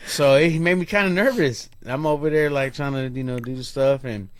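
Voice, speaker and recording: A man with a mid-range voice tells a story casually, slangy and animated, slipping into other people's voices as he quotes them. The sound is dry and close. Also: mid-range voice, fairly quick, no room sound. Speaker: podcast co-host.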